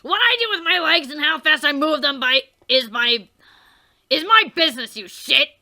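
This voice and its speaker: A woman shouting as a furious male troll teen. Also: very high-pitched, very animated, normal speed, vocal fry, voice pushed up, full character voice. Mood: angry shouting. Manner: loud, yelling, swearing.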